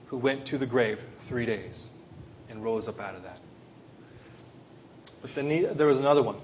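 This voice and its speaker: A man preaching a sermon with passion, climbing into loud rhetorical questions and then dropping to a soft, quiet close. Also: medium pitch. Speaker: pastor.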